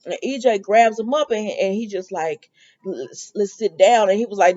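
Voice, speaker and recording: A woman's voice: mid-range voice, normal speed, warm tone, dull audio. A woman casually recapping a soap opera episode, talking in a loose, chatty way with lots of fillers and quoted lines. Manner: chatty, lots of "um" and "or whatever", quoting characters.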